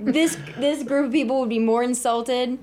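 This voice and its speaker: A woman's voice: a little high, steady tone, normal speed, darkish tone, slight background noise. A woman guest in a casual comedy chat, hesitant and restarting her sentences.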